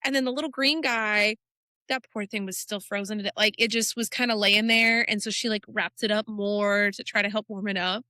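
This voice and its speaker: A woman co-hosting a podcast who rambles excitedly in a casual chat while retelling a video she watched. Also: mid-range voice, a little fast, smooth, no echo, clean studio sound. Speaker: podcast co-host.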